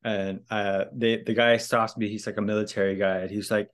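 A man's voice: fairly low pitch, normal speed. A young man from Hawaii, a podcast guest telling stories casually, laughing often, swearing and acting out the lines of others. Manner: animated, laughing, swears often, acts out quotes. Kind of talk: casual storytelling.

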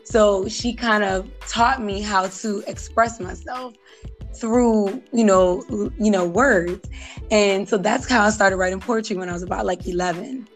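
A woman in a podcast interview talks things over reflectively, pausing on fillers and laughing softly. Her pitch sits mid-range for a woman, and faint music plays behind her. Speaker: guest author and life coach. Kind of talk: casual interview chat.

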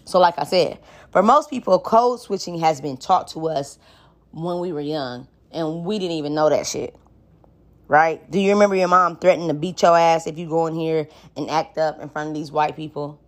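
A woman hosting her own podcast, chatting frankly and joking with plenty of swearing. Her voice sits on the lower side. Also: moderate pace. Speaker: podcast host. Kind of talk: casual solo podcast talk.

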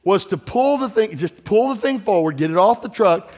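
High-voiced preacher in a reverberant hall. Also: male voice, lively intonation, normal speed, darkish tone. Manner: exhorting, calls for congregation responses, tells personal stories. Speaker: pastor. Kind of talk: sermon. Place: church sanctuary with congregation. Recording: long reverb of a large hall.

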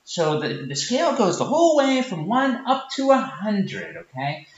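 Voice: mid-range voice, wildly swooping pitch, measured pace. A performer playing a smug, preachy podcast producer from Portland, in a roomy, dull lo-fi recording. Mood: patronizing. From Portland, Oregon. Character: condescending big-city podcast producer from Portland.

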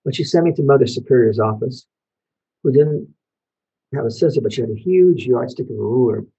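Older man, from Belgium, very husky voice, storytelling talk, lo-fi sound. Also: medium pitch, lively intonation, warm tone. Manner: storytelling, asks the audience questions, short pauses. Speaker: Holocaust survivor speaker. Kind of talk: personal testimony talk to an audience, showing photos.

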